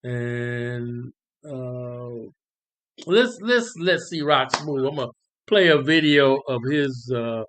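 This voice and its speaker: A man's voice: mid-range voice, expressive, slow pace, background noise. A man hosting a casual talk podcast, musing with laughing asides. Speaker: podcast host.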